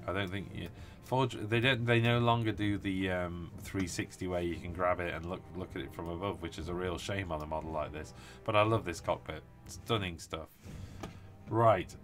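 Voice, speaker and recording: A man's voice: low-pitched, fairly bright tone. A British man hosting a live stream about tabletop wargaming, chatting casually and enthusiastically with many fillers while tired from little sleep.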